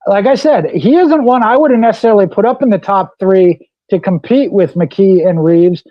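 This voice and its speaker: A man's voice: sits high, normal speed, no room sound, highs cut off. A man co-hosting a casual racing talk show, rambling with "like I said" and "you know". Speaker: co-host.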